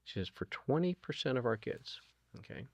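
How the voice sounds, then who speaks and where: A man's voice: mid-range voice, sing-song, moderate pace, vocal fry, dry recording. A middle-aged man talking earnestly as an interview guest, retelling conversations with plenty of ums and you-knows. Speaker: guest, food nonprofit founder.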